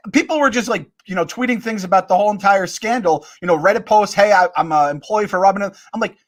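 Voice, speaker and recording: A man's voice: sits high, quick pace. A man co-hosting a casual sports podcast, griping bluntly with plenty of swearing.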